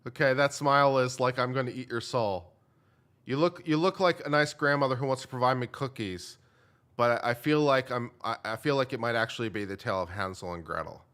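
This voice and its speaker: A young man chats casually on his live stream, joking and thanking viewers as he reacts. His voice has a bright, forward tone at an ordinary pitch. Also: a little fast.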